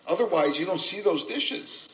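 Earnest pastor preaching from afar. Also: male voice, sits high, expressive, moderate pace. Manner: earnest, self-described subdued, gently humorous. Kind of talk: sermon. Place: church sanctuary. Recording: voice from a distance off the mic.

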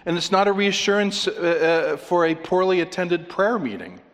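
A man's voice: sits high, animated, normal speed, a bit bright. A man preaching a sermon as a pastor, conversational and emphatic, asking rhetorical questions and chuckling now and then. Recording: long hall reverb.

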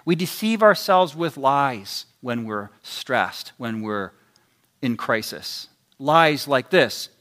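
A man preaching a sermon in a deliberate, emphatic way, his loudness rising and dropping sharply for stress. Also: on the high side.

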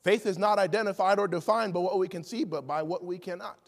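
A man's voice: high voice, fast, gravelly. A man preaching a sermon, emphatic and full of rhetorical questions, acting out the people he quotes. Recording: long hall reverb.

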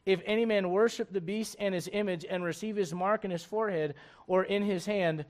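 A man preaching a sermon in church, animated and digressive, with frequent asides to the congregation. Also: sits high, brisk. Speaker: pastor. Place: church sanctuary.

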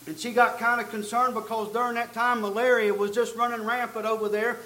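A man preaching a sermon, telling a story and building to loud, emphatic peaks. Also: very high voice, level tone, brisk, reverberant, poor audio. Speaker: pastor.

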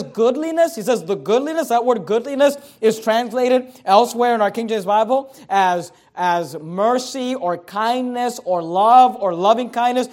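High-voiced preacher, emphatic and repeating. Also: male voice. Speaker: pastor. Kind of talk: sermon.

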